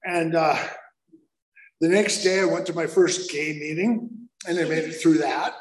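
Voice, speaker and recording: A man telling his recovery story slowly and haltingly, with many fillers and wry self-deprecating humor. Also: fairly high pitch, steady tone. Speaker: speaker sharing recovery story. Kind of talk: personal testimony at a recovery meeting. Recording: roomy, echoey recording.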